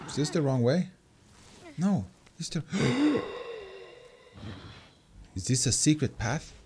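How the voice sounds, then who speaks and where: A gameplay commentator who gets excitable, shrieks and laughs often, swears casually and talks to the game creature. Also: mid-range voice, slow pace, a little hiss or hum. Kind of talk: let's play commentary.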